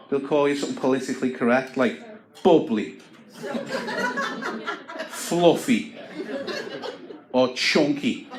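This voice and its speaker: A man doing a stand-up routine of dry, self-deprecating stories on a comedy club stage. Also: medium pitch. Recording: echoey club with crowd laughter.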